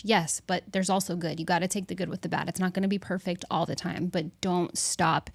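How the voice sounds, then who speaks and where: A woman's voice: fairly low pitch, no echo. Blunt, reflective woman podcasting solo. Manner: candid and blunt, with casual swearing; reflective, with pauses and restarts. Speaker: podcast host.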